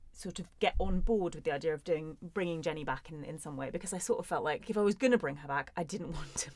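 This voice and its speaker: A woman in her thirties, an actor answering fan questions in a casual, chatty way with playful, self-mocking humor. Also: on the low side. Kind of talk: casual chat. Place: recording studio.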